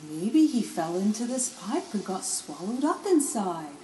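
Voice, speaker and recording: A woman's voice: medium pitch, sing-song, measured pace, dark tone, reverberant, a little hiss or hum, low-quality recording. A woman voicing a large female sea creature searching for a lost friend, calling urgently. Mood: anxious.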